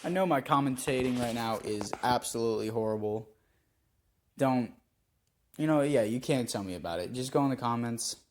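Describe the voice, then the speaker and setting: A man's voice: mid-range voice, moderate pace. A young man giving rambling, self-critical commentary over a football video game, with frustrated outbursts. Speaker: gaming YouTuber. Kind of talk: gameplay commentary.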